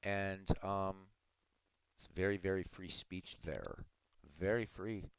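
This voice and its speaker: A man's voice: low voice, big pitch swings, slow, creaky, clear, resonant tone, no room sound, rough recording. A man who says he is Irish, streaming live and arguing back at his chat in a casual, combative way. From Ireland. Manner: argumentative, talking back to chat.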